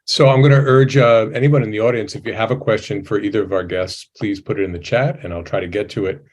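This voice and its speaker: A man's voice: on the low side, steady tone, quick pace, a little hiss or hum. A man moderating a webinar panel over a video call, putting audience questions to the guests in an inviting way.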